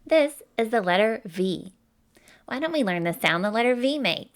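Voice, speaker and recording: A woman's voice: fairly high pitch, lively intonation, normal speed, soft background music. A woman voicing a cheerful, folksy teacher, giving an encouraging, sing-song phonics lesson for children.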